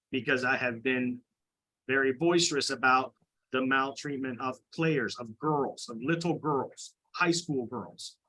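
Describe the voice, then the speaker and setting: A man who coaches high school girls lacrosse, making an indignant, emphatic complaint at a committee meeting and often restarting his sentences. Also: a bit bright, rough recording. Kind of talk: public comment at a committee meeting.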